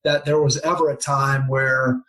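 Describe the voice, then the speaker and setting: A male podcast host talks through a long, rambling, reflective question. His pitch stays flat and even, at a middling level. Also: a little slow, rough recording. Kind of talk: casual interview talk.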